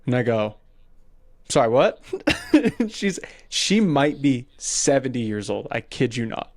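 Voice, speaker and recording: A man's voice: mid-range voice, a little slow. A man co-hosting a podcast, casually telling a funny story and quoting the people in it. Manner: animated retelling, quoting people in his story. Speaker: podcast co-host.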